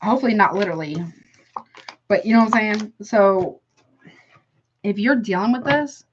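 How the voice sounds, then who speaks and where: A woman reads tarot cards in a blunt, emphatic, exclaiming way, often cutting in with a flat "no" and calling the listener honey. Her voice sits at an ordinary middle pitch. The recording is a little dull and lo-fi. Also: moderate pace, background noise. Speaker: tarot reader. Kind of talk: casual tarot reading to camera.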